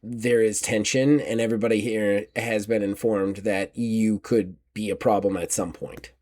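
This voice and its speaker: A man's voice: lowish voice, fairly even intonation, moderate pace, darkish tone. Rambling male game master. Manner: rambling, full of fillers and restarts. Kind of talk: narrating a tabletop game.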